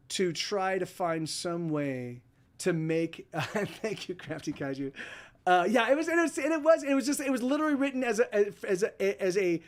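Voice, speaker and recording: Male podcast host, high voice, rambling storyteller who swears a lot, casual stream chat.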